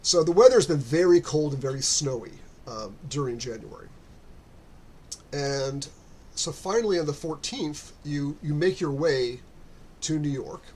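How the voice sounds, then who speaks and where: A man's voice: fairly high pitch, a little slow, a little mellow, a little hiss or hum. A man narrating as game master, rambling with many fillers and restarts.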